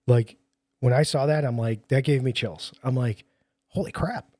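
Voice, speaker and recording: Rambling, self-deprecating man, mellow voice. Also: mid-range voice, normal speed, dry recording. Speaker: nonprofit founder, firefighter. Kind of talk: casual podcast conversation.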